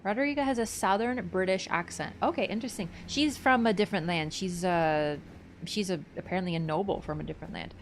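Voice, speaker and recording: A woman's voice: on the low side, fast, a little hiss or hum. A woman streaming a game, talking casually through its lore, thinking aloud and answering her chat. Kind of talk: casual livestream lore commentary.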